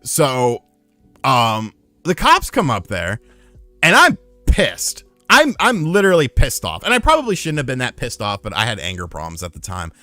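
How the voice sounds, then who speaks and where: Livestreaming, a man rambles through profane, animated stories in a casual way. He speaks at normal speed in a mid-range voice. The audio is dry, and faint music plays behind him.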